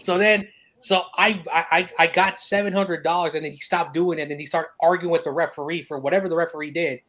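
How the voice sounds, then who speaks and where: A man hosting a casual chat, telling stories in an animated, profane way and laughing often. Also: on the high side, fairly quick, poor audio. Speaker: podcast host.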